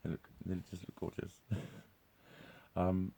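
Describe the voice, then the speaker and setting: A man's voice: low-pitched, completely flat delivery, unhurried, creaky, dark tone, husky. A man rambling in a live monologue, swearing constantly, laughing often and restarting his sentences. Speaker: vlogger.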